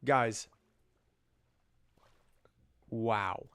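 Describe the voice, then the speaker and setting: A man's voice: on the low side, very slow, a bit bright, clean tone, dry recording. A young man chatting casually over his gameplay, rambling, joking and ranting about whatever comes up. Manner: rambling, jokey, ranting asides. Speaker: gaming YouTuber.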